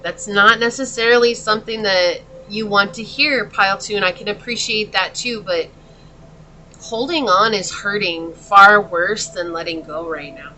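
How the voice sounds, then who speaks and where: A woman with a bright, clear voice gives a pick-a-card tarot reading. She sounds earnest and consoling, speaking straight to the listener. A faint noise sits under her voice. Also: medium pitch, moderate pace. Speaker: tarot reader.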